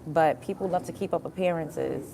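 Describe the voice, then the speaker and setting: Young woman, lowish voice, livestream host; blunt, profane, emphatic, talks straight to her viewers. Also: moderate pace, creaky, mellow, a little hiss or hum. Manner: repetitive, addresses viewers directly. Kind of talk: casual livestream rant.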